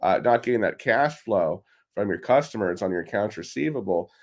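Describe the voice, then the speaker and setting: A man as an expert guest on a talk show, answering in a steady, explanatory way over a laptop microphone. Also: fairly low pitch, fairly quick. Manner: steady, explanatory, a few fillers. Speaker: tax relief expert guest. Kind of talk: interview answers. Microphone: laptop microphone on a remote call.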